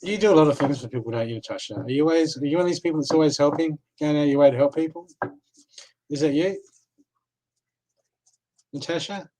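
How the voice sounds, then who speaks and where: A man's voice: a little high, fast, long pauses, mellow, poor audio. An Australian man giving live card readings, talking casually and reassuringly, often checking in with "okay?". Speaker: card reader.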